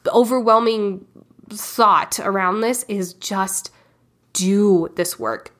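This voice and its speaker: A woman's voice: medium pitch, a bit bright. A woman hosting a podcast, giving frank and direct self-help coaching and casually swearing. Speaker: podcast host.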